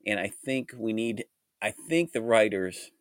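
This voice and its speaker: Hoarse low-voiced man rambling solo. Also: expressive, measured pace, no echo, clean studio sound. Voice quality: groggy voice. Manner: rambling, reflective, with restarts. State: hoarse from a cold. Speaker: podcast host. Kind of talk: solo podcast chat. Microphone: studio mic.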